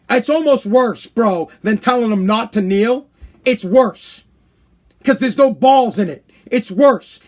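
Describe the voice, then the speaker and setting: A man hosting a podcast from a hot room downstairs, ranting in a heated, profane way and repeating himself for emphasis. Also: extremely high pitch. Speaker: podcast host. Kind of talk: opinion rant podcast.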